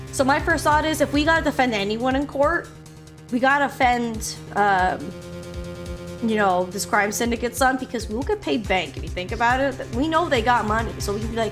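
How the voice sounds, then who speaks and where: A woman's voice: on the high side, normal speed, music in the background. A woman streamer chatting and rambling playfully while playing through a story game. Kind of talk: gameplay commentary.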